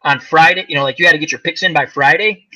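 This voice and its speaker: A man's voice: a little high, quick pace, sharp tone, low-quality recording. A man hosting a casual chat, telling rambling stories with lots of fillers. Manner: rambling storyteller, many fillers. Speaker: host.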